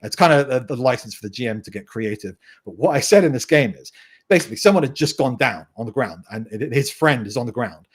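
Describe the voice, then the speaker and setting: A man chatting casually as a guest game designer, telling tabletop stories in an animated way and swearing freely. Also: mid-range voice, quick pace, husky. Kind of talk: casual chat.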